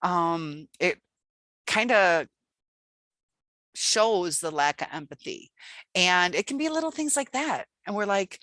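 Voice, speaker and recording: A woman's voice: on the low side, lively intonation, a little slow, long pauses, a bit bright, dry recording. A woman hosting her own channel, giving casual advice in a rambling way, with many fillers and restarts. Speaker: channel host.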